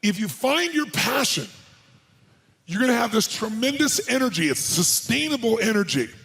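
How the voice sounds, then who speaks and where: Gravelly man firing questions at a crowd. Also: very high voice, very animated, a bit bright. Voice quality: gravelly, husky voice. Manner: rapid-fire questions and commands to the crowd. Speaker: motivational speaker. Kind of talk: live seminar address to an audience.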